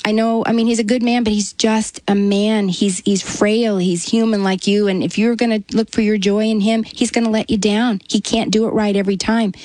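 A woman's voice: medium pitch, moderate pace, few pauses, dry recording, poor audio. Earnest woman telling a story. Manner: earnest storytelling, animated when quoting others. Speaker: author and guest. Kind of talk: conversational interview.

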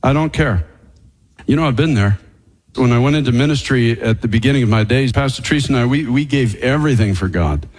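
A man's voice: medium pitch, quick pace, poor audio. A man preaching a sermon as pastor, emphatic and paraphrasing scripture with light chuckles.

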